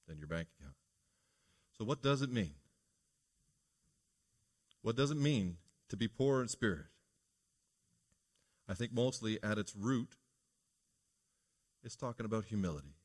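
A man preaching a morning sermon as pastor, earnest and preacherly, putting rhetorical questions to his congregation. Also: medium pitch.

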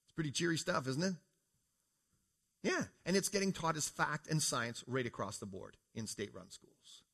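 A man's voice: a little high, moderate pace, vocal fry, fairly bright tone, breathy edge. A man from Canada giving a talk in church, speaking casually and asking the audience questions. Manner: conversational, asks the audience questions, says "folks". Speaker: preacher. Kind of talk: creation apologetics talk to a congregation.

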